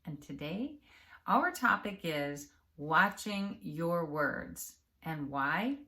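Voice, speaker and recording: A woman health and empowerment coach giving a calm, encouraging talk straight to the viewer. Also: sits low. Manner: calm, measured and encouraging, addressing the viewer directly. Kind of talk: direct-to-camera coaching talk.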